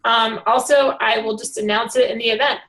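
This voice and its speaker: A woman leading a casual group video call, talking in a rambling, animated way with many fillers. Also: fairly high pitch, a little fast, poor audio. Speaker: hangout organizer.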